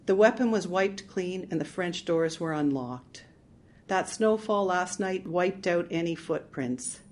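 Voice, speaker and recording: A wry, steady male detective, dry and matter-of-fact in his questions, as a woman narrator reads him. The audiobook voice stays close to the reader's own. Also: fairly low pitch, unhurried. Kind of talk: audiobook reading.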